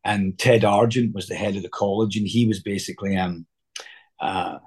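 A man's voice: on the low side, steady tone, normal speed, a little mellow, breathy edge. A middle-aged Scottish man, an actor being interviewed, telling rambling anecdotes full of fillers. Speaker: guest actor. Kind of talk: casual interview storytelling.

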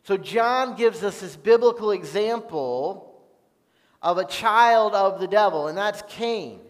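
A pastor with a high voice preaches slowly and deliberately, reading scripture in an earnest tone with lively intonation. His words echo with the long reverb of a church hall.

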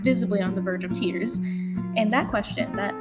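Over guitar music in a big-sounding room, a teenage girl tells a personal story as an earnest, confessional spoken-word piece. This student speaker has a medium-pitched voice and talks at normal speed.

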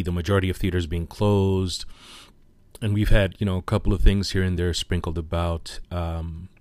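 A man's voice: low-pitched, darkish tone, no echo. A man hosting a podcast, talking casually and hesitating with fillers and self-corrections. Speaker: podcast host.

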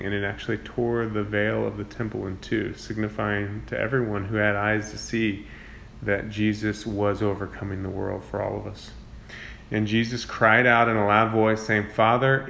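A man's voice: on the low side, a bit bright, a little hiss or hum. A man reading scripture aloud and explaining it conversationally, stopping often to restart a thought. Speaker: Bible teacher. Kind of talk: casual scripture reading and commentary.

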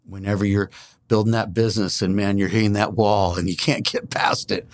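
A man's voice: lowish voice, fairly even intonation, brisk. A man telling his personal faith story as a guest in a studio interview, earnest and emphatic. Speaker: guest, non-profit founder. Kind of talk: personal testimony in conversation.

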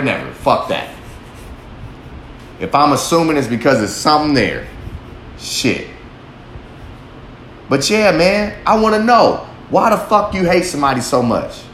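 A man's voice: a little high, very animated, moderate pace, pauses often, fairly bright tone. Guy ranting on his podcast, swearing nonstop, kinda rambling, roomy echo and a faint hum behind. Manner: blunt, profane, rambling. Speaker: podcast host. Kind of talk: profane monologue. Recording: echoey room, faint background hum.

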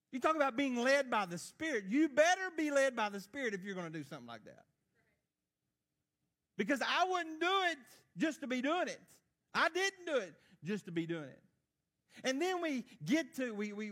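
A man, preaching a sermon as a missionary and telling his story earnestly, swinging between loud and hushed. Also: very high voice.

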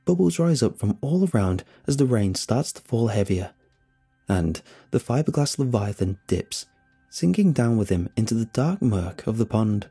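A man's voice: on the low side, very animated, normal speed, warm tone, breathy edge. A man narrating a horror story in a dramatic, tense first-person telling. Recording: faint music behind.

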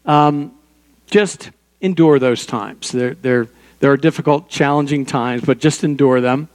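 A man's voice: mid-range voice, unhurried, big-room sound. An older man preaching a sermon as pastor, in a conversational way with personal stories and small asides.

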